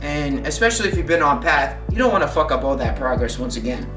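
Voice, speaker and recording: A man's voice: on the high side, animated, fast. A young man coaching on weight loss in a blunt, emphatic, profane monologue. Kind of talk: motivational monologue. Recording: echoey room, mic at a distance, faint guitar music.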